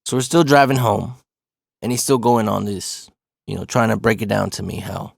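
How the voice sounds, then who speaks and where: A man telling a personal story in a casual, profane, animated way. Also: lowish voice, moderate pace, vocal fry, dry recording, clean studio sound.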